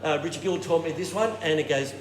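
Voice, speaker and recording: A man leading a choir warm-up workshop, explaining technique and showing it with hums and falsetto sounds. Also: fast talker. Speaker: choir director. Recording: roomy hall with reverb and noise.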